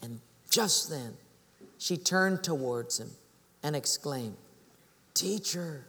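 In a big-sounding room, a male pastor delivers a sermon slowly in an animated, sharp-toned, medium-pitched voice. He tells stories and does the voices of the people who appear in them.

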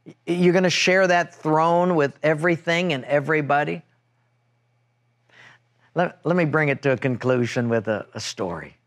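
A middle-aged man preaching a sermon, telling a personal story and acting out an argument in a raised, animated voice. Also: on the high side, moderate pace, long pauses. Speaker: pastor.

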